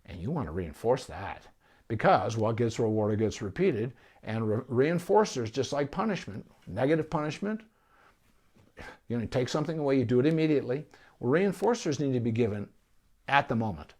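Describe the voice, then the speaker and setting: Calm man explaining dog training. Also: mid-range voice. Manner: calm, measured explanations with pauses and restarts. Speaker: veterinarian answering viewer questions. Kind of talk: live-streamed Q&A advice talk.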